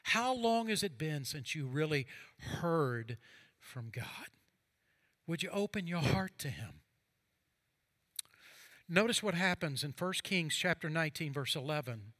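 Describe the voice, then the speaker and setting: A man, a pastor, preaching a sermon, moving from fervent passages to hushed quiet ones and reading scripture aloud with drama. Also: a little high, sing-song, a little slow, long pauses, dry recording.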